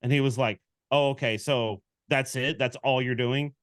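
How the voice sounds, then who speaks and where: A man co-hosting a casual sports podcast, telling stories with lively quoted back-and-forth. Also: mid-range voice, moderate pace, no room sound, clean studio sound. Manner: animated storyteller, acts out quoted exchanges. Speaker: podcast co-host.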